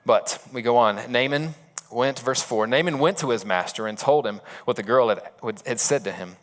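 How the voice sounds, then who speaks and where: A man's voice: mid-range voice, normal speed. A man preaching a sermon as a pastor, retelling a story in a casual, conversational way with asides.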